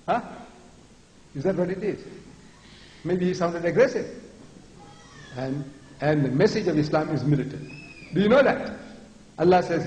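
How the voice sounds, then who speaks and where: A fiery older man in his seventies lectures with a militant, emphatic force, his voice pitched high and ringing. His words bounce around a large, echoing hall, and the reverb trails long after each phrase. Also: moderate pace, pauses often, darkish tone. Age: 70s. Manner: mocks other speakers with a high, weak voice. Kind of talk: public lecture on religion.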